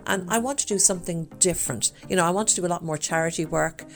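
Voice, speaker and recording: A woman's voice: lowish voice, fast talker, soft background music. An Irish woman in her fifties chatting in an upbeat, rambling way as a participant in a health challenge. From Ireland. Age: 50s. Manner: chatty and upbeat, full of fillers. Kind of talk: casual chat.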